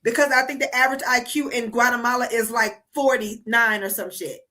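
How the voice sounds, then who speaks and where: A woman's voice: a little high, steady tone, a little fast, pushed and bright. A woman from the United States hosting a livestream, delivering a profane, heated and emphatic casual rant. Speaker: streamer host.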